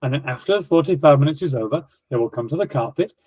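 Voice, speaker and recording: A middle-aged man speaking as an education guest, telling classroom stories in a lively way and acting out scenes. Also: fairly high pitch, fast talker, no room sound, rough recording. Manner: lively, acts out classroom scenes in quoted voices. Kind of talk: animated storytelling explanation.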